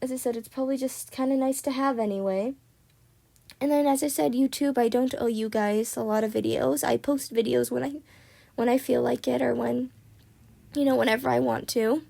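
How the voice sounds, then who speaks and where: A young woman vlogging in a casual, rambling way, often repeating herself and filling pauses. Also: a little high, fairly even intonation, gravelly, dark tone. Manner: rambling, filler-heavy, repeats "as I said". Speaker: YouTuber. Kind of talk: casual vlog talk.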